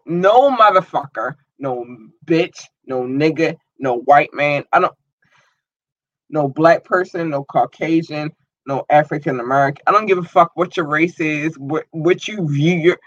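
A woman's voice: fairly low pitch, dry recording. A woman hosting a livestream, ranting in a heated, emphatic and profane way. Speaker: livestream host. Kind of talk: casual livestream rant. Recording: dull lo-fi stream audio.

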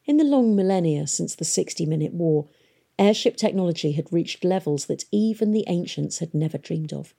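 A woman narrating an audiobook in a steady, expressive storytelling manner. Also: on the low side, normal speed, gravelly, breathy edge.

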